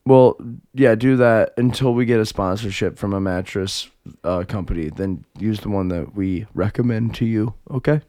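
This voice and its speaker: A man's voice: lowish voice, moderate pace, few pauses, warm tone, dry recording, studio quality. A man co-hosting a podcast in casual chat, joking and nudging his partner along. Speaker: podcast co-host.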